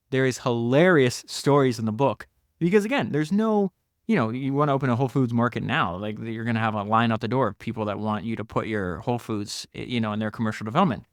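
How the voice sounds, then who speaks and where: A man hosting a solo podcast, talking enthusiastically through book passages with frequent laughs and quick asides. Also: medium pitch, no room sound, studio quality. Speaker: podcast host.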